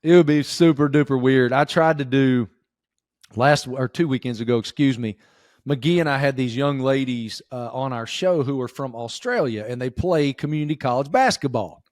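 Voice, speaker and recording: A middle-aged man with a Southern Appalachian accent, chatting as a podcast guest and telling stories in a lively, folksy way. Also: mid-range voice, normal speed, no echo, studio quality. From southwestern Virginia. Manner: animated storyteller, folksy drawl. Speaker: guest, sports reporter. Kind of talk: casual podcast chat.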